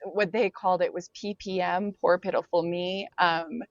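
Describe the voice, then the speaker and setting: A woman's voice: lowish voice, fairly even intonation, moderate pace, few pauses, no room sound, dull audio. A woman, a podcast guest, telling a personal story in casual conversation, filling her sentences with "like" and "um". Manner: casual, frequent "like" and "um" fillers.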